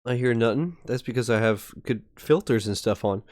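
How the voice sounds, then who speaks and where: A man's voice: mid-range voice, moderate pace, a little mellow, no room sound. Guy doing let's play commentary, swearing and joking, dry close mic. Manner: casual, crude, joking. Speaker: gamer host.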